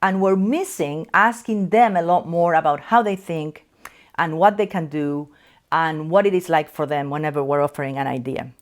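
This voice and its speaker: A middle-aged woman from Spain with a Spanish accent, a psychoanalyst explaining concepts to camera from a chair in her office in a measured way. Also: low voice. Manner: measured, explanatory, slows to stress key terms. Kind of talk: educational talk to camera.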